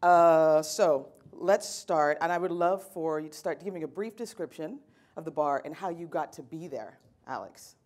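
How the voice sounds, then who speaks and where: Woman panel host, chatty and playful, slightly low voice. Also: normal speed, a little mellow. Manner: chatty, playful, lots of fillers. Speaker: panel moderator. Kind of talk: hosting a live panel talk.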